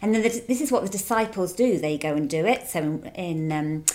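A woman from England, recorded outdoors at her home and talking through scripture in a relaxed, conversational way. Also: on the low side, brisk. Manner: relaxed and conversational, with small restarts. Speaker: guest speaker. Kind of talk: conversational teaching on video. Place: outdoors at their home, front yard.

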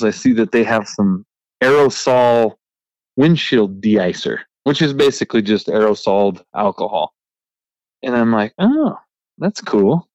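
A man who works as a trucker, hosting a podcast and telling an animated, frustrated story in casual chat with a laugh now and then. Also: on the low side, no room sound, lo-fi sound. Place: remote recording.

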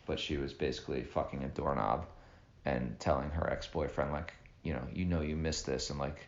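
A man's voice: rumbling low, steady tone, brisk, creaky. A man in his thirties co-hosting a podcast, in a dry, sarcastic, rambling casual chat. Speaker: podcast co-host. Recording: dull roomy home recording.

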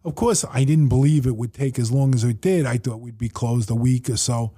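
A man's voice: mid-range voice, fairly quick, husky. A man telling stories in a casual podcast chat, acting out his own and others' lines as he goes. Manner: animated storyteller, quoting himself and others. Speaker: facility owner and manager. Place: table in his facility.

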